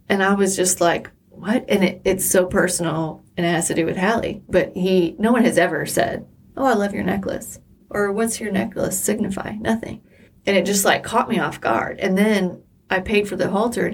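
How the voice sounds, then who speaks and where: A woman's voice: mid-range voice, steady tone, moderate pace, vocal fry, husky. A middle-aged woman co-hosting a podcast, telling personal stories candidly and with emotion. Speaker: podcast co-host. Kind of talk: casual chat.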